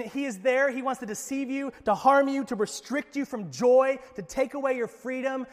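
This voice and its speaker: A man's voice: extremely high pitch, normal speed, hardly any pauses, in a large hall. A man preaching a sermon as pastor, in an emphatic, conversational way.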